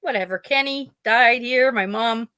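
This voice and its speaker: A Pennsylvania-accented woman hosts a podcast, loosely spinning family tales and imitating her relatives' quoted words. She sounds a little high and unhurried, with a sharp, clear, resonant tone and no echo.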